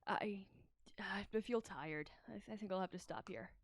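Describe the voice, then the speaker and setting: A woman voicing a downcast young man in a visual novel, reading his lines quietly and flatly. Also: medium pitch, a little slow, no echo. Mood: weary. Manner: quiet, flat and subdued.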